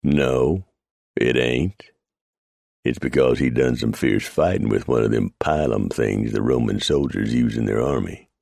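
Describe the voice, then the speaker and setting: A man voicing a grizzled, dry-humored male mountain man with an unhurried frontier drawl, read as an audiobook. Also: very deep voice, vocal fry, darkish tone, no room sound, heavily acted.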